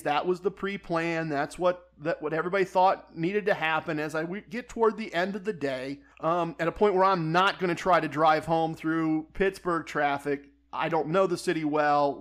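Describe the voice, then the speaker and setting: Man, storyteller, wry and deadpan, high-pitched voice. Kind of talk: personal anecdote storytelling.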